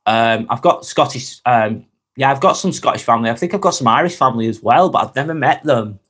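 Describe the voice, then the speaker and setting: This Lancashire man, from North West England, chats through a relaxed live stream, replying to viewer comments, laughing often and calling folks mate. He speaks at a medium pitch, animated and fairly quick, with a slightly bright tone.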